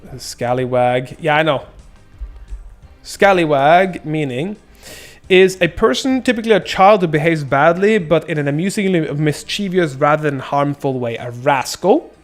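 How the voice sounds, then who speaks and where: A young man chats through a game stream in a loose, rambling way, reading chat aloud and joking. His voice sits a little high. Faint music plays behind him. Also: expressive, moderate pace. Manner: joking, rambling, laughs often, silly sound effects. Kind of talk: casual gameplay commentary, reading chat.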